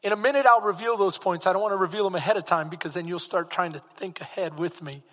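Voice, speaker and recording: High, bright-voiced pastor preaching. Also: male voice, fast, long reverb tail. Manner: animated preaching with rhetorical questions to the congregation. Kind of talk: sermon.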